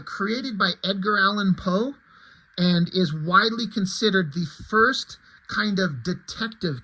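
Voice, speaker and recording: A man's voice: high-pitched, bright, forceful tone, low-quality recording. A man chatting casually about a comic book, rambling and blunt, with strong opinions. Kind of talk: casual chat.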